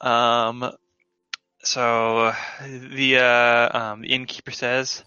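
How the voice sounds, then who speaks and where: A man's voice: mid-range voice, flat delivery, very slow, pushed and bright, clear, resonant tone, no echo. A man narrating as game master of a tabletop game in a casual style, with many fillers and laughs, in a dull lo-fi recording.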